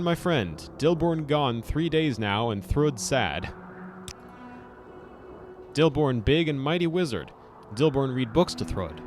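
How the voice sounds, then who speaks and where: A man voicing a simple-minded, friendly male orc who talks in slow, broken phrases over game music. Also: medium pitch, pitched above the performer's own voice. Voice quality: halting broken speech.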